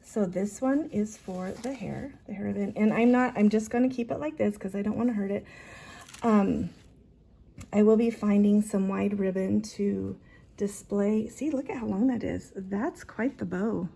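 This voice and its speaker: A woman talks through her collection in a casual show-and-tell, excited and rambling, often breaking off to restart a sentence. Her voice is mellow and dark, with a breathy huskiness and a gravelly edge of fry at the ends of phrases. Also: mid-range voice, normal speed. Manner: chatty, excited, trails off and restarts. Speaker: vintage collector showing items.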